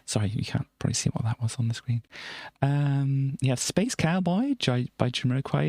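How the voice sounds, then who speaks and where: A woman's voice: a bass voice, lively intonation, normal speed, hardly any pauses, mellow, dry recording. A woman hosting a livestream, chatting casually as she reads out old music charts, rambling and chuckling with many ums and self-corrections. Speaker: livestream host.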